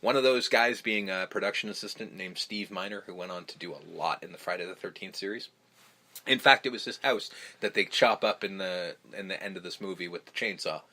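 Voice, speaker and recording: A man's voice: low voice, brisk, pushed and bright. A man hosting a podcast, recapping a film in casual, rambling chat full of ums, restarts and swearing. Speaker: podcast host.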